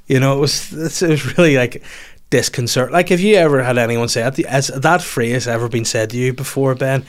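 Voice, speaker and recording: A man's voice: mid-range voice, fairly quick. A man telling a long, rambling story in casual chat, swearing and laughing at himself as he goes.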